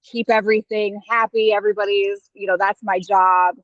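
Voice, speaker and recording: A woman's voice: mid-range voice, level tone, normal speed, no echo. Woman, chatty and candid, lots of fillers, dry and slightly lo-fi audio. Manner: chatty, candid, full of "like" and "you know". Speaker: guest having her chart read. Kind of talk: casual personal talk. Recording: slightly dull, lo-fi sound.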